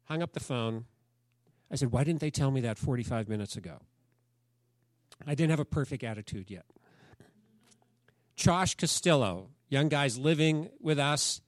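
A man's voice: medium pitch, no room sound, studio quality. A man preaching a sermon, talking in a conversational storytelling way and asking the congregation questions. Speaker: pastor.

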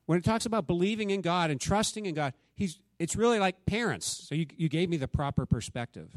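A man leads a Bible study in a relaxed, talky way. He often quizzes his listeners and acts out the quotes he reads. His voice sits a bit high and the sound is dry and close. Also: fairly quick, no echo. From United States. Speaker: church teacher.

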